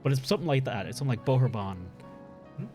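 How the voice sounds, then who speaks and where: A man's voice: medium pitch, expressive, very fast, music in the background. A young Irish man streaming a game, chatting casually and thinking aloud in a rambling way, with casual swearing. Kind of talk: casual live-stream chat while gaming.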